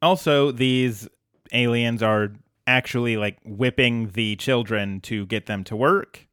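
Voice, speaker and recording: Dude cohosting a podcast, smooth clear voice, dry close mic, chill and wry. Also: male voice, mid-range voice, a bit bright, no room sound. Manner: wry, easygoing, quick quips. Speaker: podcast co-host. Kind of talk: casual chat recapping a cartoon episode.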